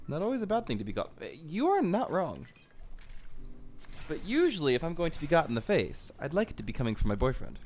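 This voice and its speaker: A man's voice: a little high, wildly swooping pitch, fairly quick, slight background noise. A man live-streaming while gaming, chatting casually with viewers; he sounds exhausted and loopy, and he's playful and sarcastic, swearing freely.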